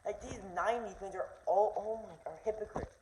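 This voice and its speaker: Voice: medium pitch, a little fast, darkish tone. A young vlogger ranting casually, rambling and stumbling over words as the argument heats up. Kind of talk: casual rant. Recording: roomy echo, faint noise.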